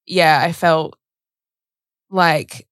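A woman's voice: deep voice, fairly even intonation, drawn-out words, fairly bright tone, clear, resonant tone, no echo, studio quality. Australian woman telling a personal story. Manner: chatty, fillers of "like", acts out quoted speech.

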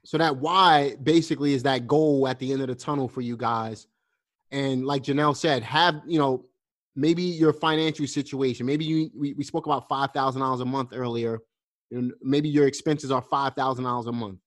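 A man's voice: medium pitch, fairly even intonation, moderate pace. A man hosting a podcast, talking earnestly and encouragingly, with frequent fillers and restarts. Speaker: podcast host. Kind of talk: casual podcast interview.

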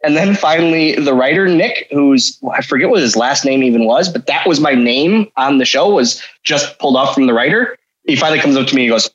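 A man's voice: mid-range voice, a little fast, few pauses, fairly bright tone, lo-fi sound. A man telling stories as a podcast guest, rambling and self-deprecating. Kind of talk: casual storytelling.

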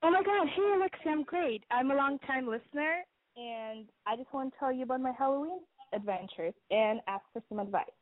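A woman's voice: high voice, expressive, brisk, dry recording. A woman in her twenties calling in to a radio show, telling a rambling story full of "like"s. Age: 20s. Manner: rambling, chatty storytelling with many "like"s. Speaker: caller. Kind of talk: call-in story. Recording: dry, tinny phone line.

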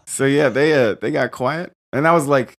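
A young man, a comedian guest, telling stories in a casual chat, profane and animated, with shouted rants. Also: mid-range voice, moderate pace.

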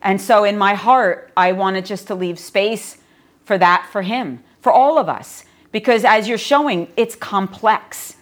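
A woman's voice: mid-range voice, measured pace. Earnest middle-aged woman telling a story. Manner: animated storytelling, earnest and reflective. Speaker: yoga teacher and guest. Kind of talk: podcast conversation.

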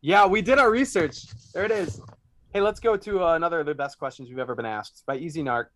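A man's voice: fairly high pitch, quick pace, no echo. A man hosting a casual sports podcast, reading out listener questions and joking with his co-hosts. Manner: animated, reads out listener questions, laughs often. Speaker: podcast host.

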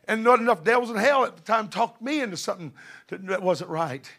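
A middle-aged man preaching a sermon with fervor, building to shouted passages. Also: high voice, animated, a little fast, gravelly.

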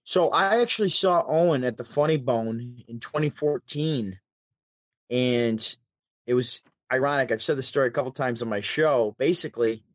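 A man's voice: mid-range voice, no echo. A man from Syracuse, New York, casually telling a long story as a podcast guest, acting out quoted voices as he goes. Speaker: podcast guest, DJ and show host. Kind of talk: casual storytelling over a call.

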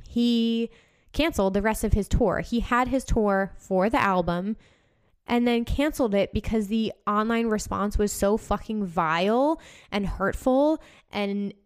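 A woman's voice: mid-range voice, clean tone. A woman hosting a casual talk show, speaking passionately, swearing freely and filling her talk with "like". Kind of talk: casual monologue.

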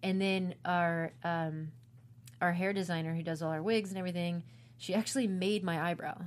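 A woman's voice: fairly low pitch, moderate pace. A young woman actress chatting casually about a role she played, laughing often and telling stories with quoted lines. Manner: laughs often, animated storytelling with acted quotes. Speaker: actress discussing her role. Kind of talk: casual chat.

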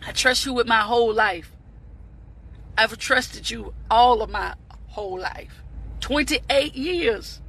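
A woman giving an impassioned motivational talk on a live stream, repeating phrases and breaking into shouts. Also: fairly high pitch, slow pace, pauses often, slightly rough. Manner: fervent, preachy, repeats phrases, bursts into shouts; addresses viewers as "beautiful people".

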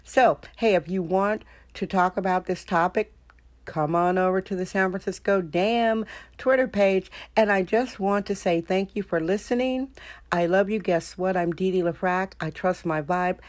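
A woman's voice: fairly low pitch, normal speed. A woman hosting a solo podcast, talking in an opinionated, emphatic way with lots of rhetorical questions. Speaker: podcast host.

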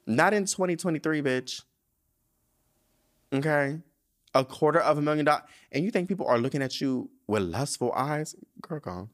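A man's voice: on the high side, lively intonation, moderate pace. A young man hosting a podcast, reading news headlines aloud and riffing on them in a sassy, campy way. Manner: sassy, campy, reads headlines then riffs with side comments. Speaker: podcast host. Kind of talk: casual solo commentary on celebrity news.

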